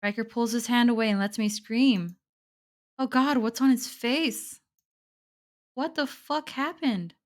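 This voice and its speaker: Woman reading a horror visual novel out loud and freaking out, lots of cursing and "bro". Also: fairly high pitch, steady tone, a little slow, long pauses. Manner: reactive, swears a lot, says "bro". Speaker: gaming streamer. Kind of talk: let's play commentary and reading game text aloud.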